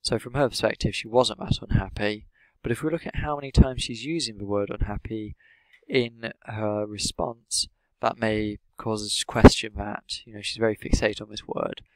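A male English teacher talking through a lesson in a measured, steady, explanatory way. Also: on the low side, dry recording, low-quality recording.

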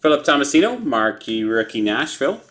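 A man hosting a live card break, briskly listing player names and teams and chuckling over hard names. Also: medium pitch, very animated. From Canada. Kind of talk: live sports card break, calling out pulls. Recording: noisy room with card-pack crinkling.

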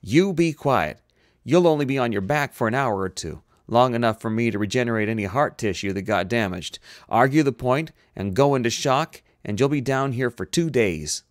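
A man voicing a gruff male ship's doctor who scolds and gives orders. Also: medium pitch, lively intonation, moderate pace, no echo, studio quality, natural voice. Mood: scolding. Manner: bossy, scolding.

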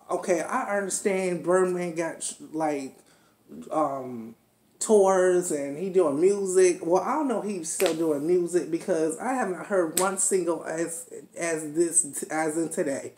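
A man's voice: high-pitched, unhurried, darkish tone, slight background noise. A man vlogging a TV episode review in a sassy, profane, chatty unscripted rant, calling his viewers honey and child. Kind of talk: casual unscripted rant to camera. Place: indoor room at home. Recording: echoey room.

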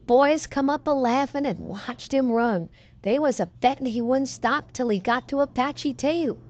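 A woman's voice: high voice, darkish tone, muffled recording. A woman reading an audiobook, voicing a folksy male cowboy telling a tall tale in a drawling frontier dialect. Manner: drawling frontier dialect, leisurely yarn-spinning. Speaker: audiobook reader. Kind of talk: audiobook reading of a western yarn.

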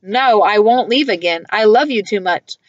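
A woman's voice: mid-range voice, expressive, moderate pace, no room sound, muffled recording, close to an everyday voice. A woman voicing a middle-aged father who tenderly coaxes his daughters in an audiobook. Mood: pleading. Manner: coaxing, tender.

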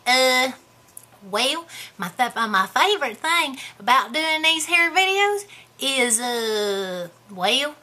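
A woman's voice: high voice, big pitch swings, slow pace, bright, forceful tone, heavily acted. A woman playing a goofy, boastful character in a comedy vlog, talking in a rambling, self-mocking way. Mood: playful. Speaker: vlogger answering viewer questions.

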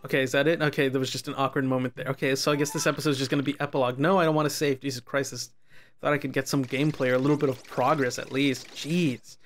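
A man's voice: medium pitch, level tone, quick pace. A man doing casual let's play commentary, reading game dialogue aloud with chatty asides, faint music behind. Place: his garage.

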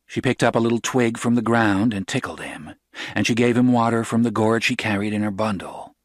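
A man's voice: lowish voice, a little fast, no echo. Man reading a novel aloud, dry. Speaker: audiobook narrator. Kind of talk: scripted novel narration.

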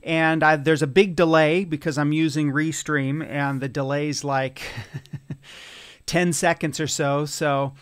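A man's voice: on the high side, fairly even intonation, slow pace, smooth, no echo. A man from California hosting a live guitar lesson, casual and chatty, greeting viewers between explanations. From Sacramento, California. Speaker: guitar teacher. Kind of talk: live-streamed guitar lesson with chat replies. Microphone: studio mic, a bit away from him.

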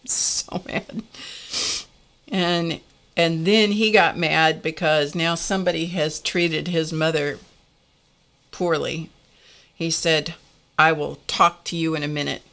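A woman's voice: low voice, steady tone, unhurried, creaky, fairly bright tone. An older woman hosting a casual art lesson, chatty and confessional, laughing often as she talks to her viewers. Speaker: art class host.

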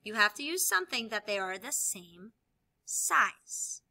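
A woman teacher explaining a lesson while she demonstrates with objects, upbeat and clear. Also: on the high side, big pitch swings, a little slow, sharp tone. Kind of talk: classroom video lesson.

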